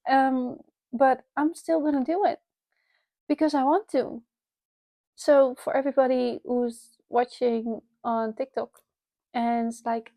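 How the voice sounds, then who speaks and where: A woman with a Dutch accent, her native tongue Dutch, talks through her thoughts in an unpolished vlog. Her voice sits slightly high, and she restarts and repeats herself as she reflects out loud. The sound is dry and close, as if from a clip-on mic. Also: fairly even intonation, slow, no echo. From Netherlands. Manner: candid, rambling, self-reflective with frequent restarts and laughs. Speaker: vlogger. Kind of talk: unscripted personal vlog. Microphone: wireless lapel mic.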